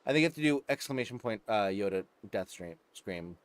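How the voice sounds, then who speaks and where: A man's voice: fairly low pitch, expressive, a little fast, dry recording. A man hosting a casual livestream, chatting with viewers, laughing often and stumbling over his words. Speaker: streamer.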